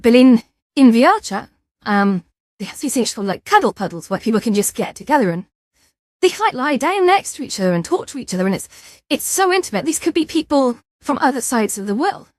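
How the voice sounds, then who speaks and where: A woman's voice: fairly high pitch, animated, brisk, dry recording, clean studio sound. A woman streaming from a VR game, chatting casually with her viewers, self-mocking and lightly swearing. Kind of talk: casual live-stream chat.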